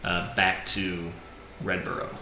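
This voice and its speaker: A man with a lowish voice runs a tabletop role-playing session, narrating in loose, halting sentences full of fillers. The recording sounds echoey, with background noise throughout. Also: monotone, sharp tone. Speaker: game master.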